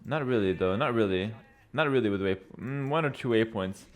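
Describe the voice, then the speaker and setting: A man's voice: lowish voice, brisk. A young man casually commentating a strategy game on a live stream, chatty and joking, thinking aloud with fillers.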